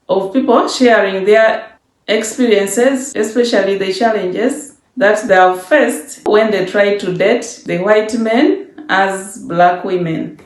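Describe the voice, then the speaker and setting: Slow, measured woman in an echoey room. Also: medium pitch. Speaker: reaction channel host. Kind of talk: scripted narration intro.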